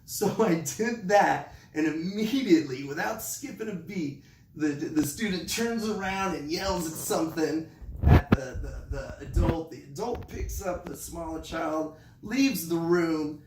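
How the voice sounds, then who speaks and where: A man who teaches online, telling a story in a casual vlog with animated delivery. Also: on the high side, measured pace, echoey room, recorded from a distance, noisy background. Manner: animated, acts out his classroom voice.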